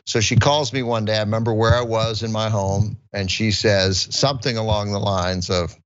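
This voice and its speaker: A man's voice: lowish voice, steady tone, moderate pace, hardly any pauses. A middle-aged man co-hosting a podcast, telling a story in rambling, self-interrupting chat. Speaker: podcast co-host. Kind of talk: casual chat, comic storytelling. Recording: dull, lo-fi, dry sound.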